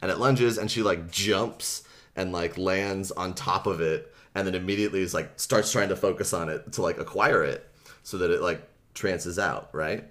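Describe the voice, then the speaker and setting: A man casually recapping a book for a comedy podcast, animated, acting out the characters' lines and laughing often. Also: low voice, moderate pace. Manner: animated retelling, acts out quotes, laughs often, many fillers.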